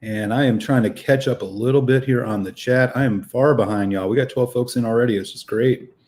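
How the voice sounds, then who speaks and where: A man hosting a relaxed live stream, a touch winded from a run. He chats loosely and greets viewers one by one as he reads the chat aloud. His voice sits at an ordinary middle pitch. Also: fairly quick. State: slightly out of breath after a run.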